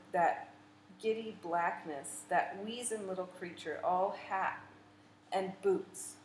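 Woman reading a memoir aloud, echoey. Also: fairly low pitch. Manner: measured, vivid storytelling. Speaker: audiobook reader. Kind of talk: literary audiobook narration. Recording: echoey room with faint noise.

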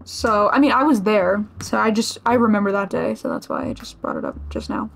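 A woman's voice: medium pitch, wildly swooping pitch, brisk, gravelly, faint music behind. A 21-year-old woman from Massachusetts, a streamer answering viewer questions in a casual vlog, chatty and playfully self-mocking. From Massachusetts, USA.

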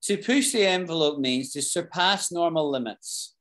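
A British man teaching an English class, explaining expressions slowly, repeating key phrases and asking his students questions. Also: fairly high pitch, fairly bright tone. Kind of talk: live online English lesson.

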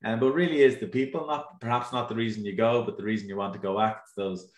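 An Irish man talks with easy enthusiasm, full of ums and uhs. His voice sits on the low side. The room around him has a noticeable echo. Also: fairly even intonation, fast. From Ireland. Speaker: tour operator representative. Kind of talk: casual presentation on a live stream.

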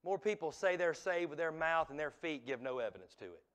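A man preaching a revival sermon in a church, swinging from hushed, drawn-out lines to loud, shouted ones. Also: fairly high pitch, very animated, clean tone. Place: church sanctuary.

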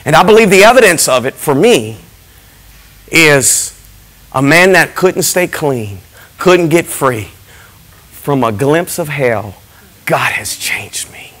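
A middle-aged man, a pastor giving an impassioned testimony in a church service, moving from hushed emphasis to shouting. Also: fairly high pitch, animated, slow, pauses often, a little hiss or hum, low-quality recording.

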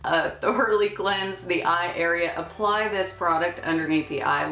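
A woman chatting casually through a makeup unboxing, with playful asides. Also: on the low side. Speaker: beauty vlogger. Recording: echoey room with soft music.

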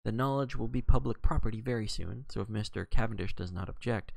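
A man's voice: fairly low pitch, gravelly, dry recording. A man doing a soothing middle-aged lawyer. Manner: soothing, measured. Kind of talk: audiobook reading.

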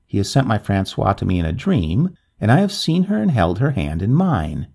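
A man voicing a dying, pious Breton peasant who speaks quietly, calmly and courteously. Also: fairly low pitch, moderate pace, gravelly, breathy edge, heavily acted. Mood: serene.

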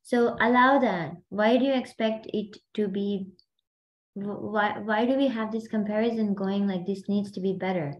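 A woman's voice: medium pitch, fairly even intonation, moderate pace, lo-fi sound. A woman hosting and coaching a group on a video call, talking in a chatty, rambling way full of fillers. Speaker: host and mindset coach.

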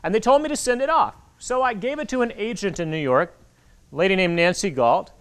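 Lively man telling stories to kids. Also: high-pitched, fairly quick, clear, resonant tone. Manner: animated storytelling, acts out quoted voices. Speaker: author speaking to kids. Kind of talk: library talk with slides. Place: public library hall. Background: audience of children.

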